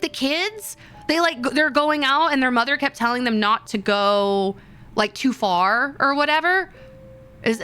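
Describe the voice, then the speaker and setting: Excitable, animated streamer woman. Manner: animated and excitable, with gasps and sudden high squeals. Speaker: VTuber streamer. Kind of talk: casual stream chat with viewers.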